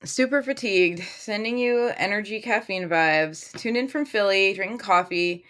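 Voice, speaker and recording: A woman's voice: medium pitch, normal speed, fairly bright tone. A woman hosting a casual tarot livestream from a room at home, talking into her phone, chatty and upbeat as she reads viewer comments aloud.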